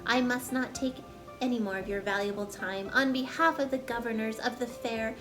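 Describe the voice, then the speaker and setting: A woman's voice: fairly high pitch, steady tone, normal speed, over music, natural voice. Woman doing a pompous fair announcer man. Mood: grand. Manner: formal, grand speechmaking. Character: pompous male county fair announcer on loudspeaker.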